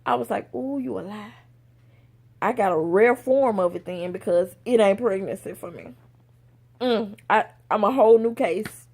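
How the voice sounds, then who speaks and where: A young woman vlogger telling a personal story in a casual, animated way, acting out the voices of others. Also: medium pitch, moderate pace, vocal fry, husky. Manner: animated, acts out quoted voices.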